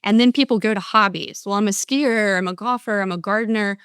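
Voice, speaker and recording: A woman's voice: medium pitch, a little fast, fairly bright tone, clear, resonant tone, dry recording, clean studio sound. An older woman giving a motivational talk as a speaker and coach, earnest, often restarting and acting out answers from her audiences.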